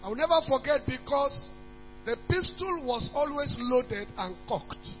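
A man's voice: very high voice, expressive, a little slow. A man preaching a sermon as pastor, emphatic and repetitive, stressing words and reading scripture aloud. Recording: dull lo-fi church recording in a reverberant hall with faint music and hum.

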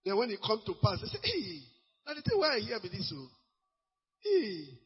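A man with a Nigerian accent preaching a sermon as pastor, lively and mixing Pidgin, sometimes breaking into shouts. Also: sits high, moderate pace, slightly rough. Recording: muffled, long hall reverb.

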